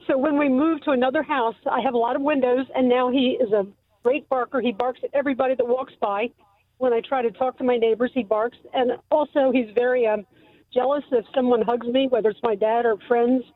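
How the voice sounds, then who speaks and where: A woman calling in to a radio show, speaking hesitantly with many pauses and ums. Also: on the high side, steady tone. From Delaware. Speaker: caller. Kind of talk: call-in radio question. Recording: tinny dry phone line.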